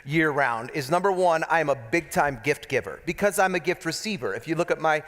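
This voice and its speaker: A man's voice: fairly high pitch, animated, brisk, fairly bright tone. A man preaching a humorous sermon as pastor, telling stories with jokes and asides to the crowd. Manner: joking, storytelling, talks to the crowd with asides. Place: church hall. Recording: long church hall echo.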